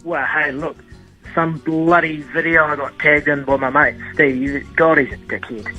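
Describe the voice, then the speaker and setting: A man's voice: fairly high pitch, steady tone, a little slow, pushed and bright, soft background music. A man playing a blunt New Zealand caller on a muffled phone line. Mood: scornful. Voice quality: blunt, scornful. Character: grumpy blunt male radio caller.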